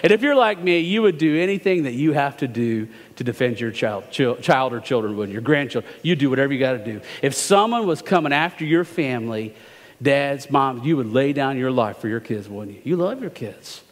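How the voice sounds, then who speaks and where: A man's voice: mid-range voice, expressive, fairly quick, in a large hall. A man preaching a sermon as a guest speaker, chatty and joking, asking the congregation questions before reading scripture. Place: church sanctuary.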